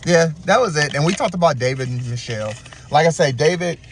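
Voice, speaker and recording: A man giving a casual, animated and slangy recap of a reality show. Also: fairly high pitch, fairly quick, background noise. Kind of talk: casual commentary.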